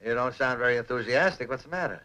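A man's voice: mid-range voice, fast, bright, forceful tone, close to an everyday voice, poor audio. An actor playing a playful middle-aged bachelor friend who needles his pal, in 1950s sitcom style. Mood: teasing. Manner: teasing, playful.

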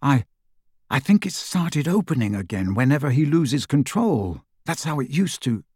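A man's voice: medium pitch, big pitch swings, normal speed, a little mellow, slightly rough, no room sound, clean studio sound. A man voicing a teenage boy wizard in pain, muttering through gritted teeth. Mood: strained.

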